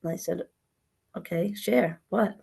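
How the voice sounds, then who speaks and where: A middle-aged woman from New telling her personal story as a guest, acting out past conversations in an animated way. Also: lowish voice, unhurried, gravelly, slightly rough.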